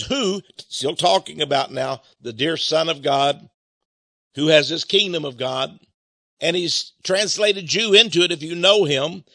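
A man with a Texan accent preaching a sermon in a folksy way, slowing down to stress key phrases. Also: high-pitched, bright, forceful tone, no echo. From Texas. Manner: folksy, varies pace, slows for emphasis.

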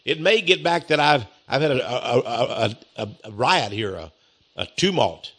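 A man's voice: lively intonation, moderate pace, a bit bright, slightly rough. A man voicing a wary Roman governor who hesitates and stammers, within a sermon's storytelling. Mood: nervous. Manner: hesitant, stammering, muttering low.

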